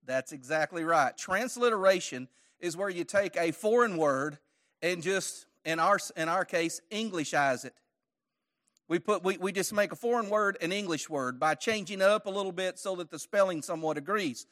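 Guy teaching bible class, pretty high voice for a man, keeps asking the room questions, cracks little jokes. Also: moderate pace, fairly bright tone. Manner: conversational, quizzes the audience with questions; light joking asides. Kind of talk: church Bible study lesson.

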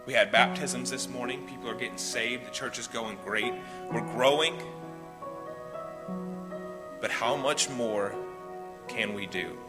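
A man's voice: medium pitch, a little slow, long pauses, loud music behind the voice. Impassioned male pastor preaching in a hall. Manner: impassioned preaching, swings from loud pleading to hushed. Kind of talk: sermon. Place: church sanctuary. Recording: reverberant hall with faint noise.

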